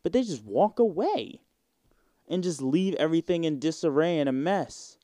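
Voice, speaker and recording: A man's voice: fairly high pitch, animated, normal speed, warm tone, no room sound, clean studio sound. A man in his twenties hosting a casual solo podcast, rambling in slang with plenty of fillers and swearing. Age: 20s. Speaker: podcast host.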